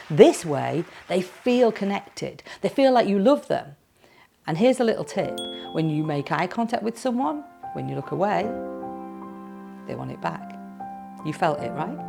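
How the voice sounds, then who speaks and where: A woman's voice: deep voice, gravelly. A woman with a Yorkshire accent, a speaking coach talking playfully and directly to camera. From Yorkshire, England.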